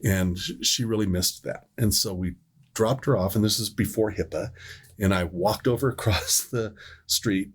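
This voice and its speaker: A man's voice: fairly low pitch, moderate pace, husky. A middle-aged man on a medical podcast, telling a long story in casual chat, often stopping to correct himself. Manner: rambling, self-correcting storyteller. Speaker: podcast host, EMS worker.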